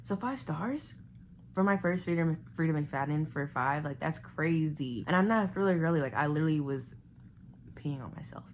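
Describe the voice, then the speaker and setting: A young woman talks through a thriller she just read in a chatty, animated home vlog. Now and then she drops into a hushed whisper. A faint hiss sits under her voice. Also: sits low, a little fast. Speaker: book vlogger. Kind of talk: casual chat reviewing a thriller. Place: home living room.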